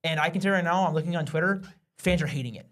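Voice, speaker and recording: A man's voice: fairly high pitch, racing, fairly bright tone, a little hiss or hum. Opinionated man hosting a sports chat. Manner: opinionated, talks over others. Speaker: podcast host.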